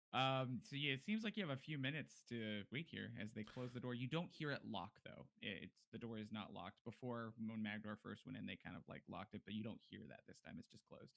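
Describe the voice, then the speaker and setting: A man narrating a tabletop role-playing game as game master, in a relaxed way with many fillers. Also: mid-range voice, moderate pace, gravelly.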